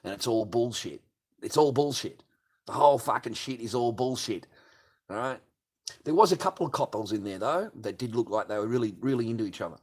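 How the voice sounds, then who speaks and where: A man's voice: mid-range voice, fairly quick, darkish tone. Swearing older man ranting on stream. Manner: crude, swearing constantly. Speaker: livestream host. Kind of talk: late-night livestream rant.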